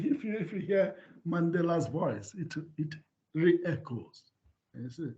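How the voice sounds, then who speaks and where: A male professor teaches a class in an animated manner, often checking that his listeners follow. His voice sits high and rises and falls widely. The recording is muffled and lo-fi. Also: slow. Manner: animated, repeats "can you see?". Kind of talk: university lecture. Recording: dull lo-fi lecture recording.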